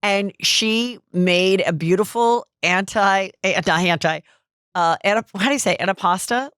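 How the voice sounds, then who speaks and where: A woman hosts a podcast of casual gossip chat, speaking at normal speed with a smooth, medium-pitched voice in a dry, clean studio recording. She is an animated storyteller who acts out the people she quotes.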